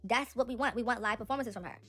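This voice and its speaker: Young woman doing celeb gossip, quick and chatty, kinda high voice, talking right at y'all. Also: slightly rough, soft background music. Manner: animated, talks straight to viewers as "y'all". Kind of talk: casual chatty commentary.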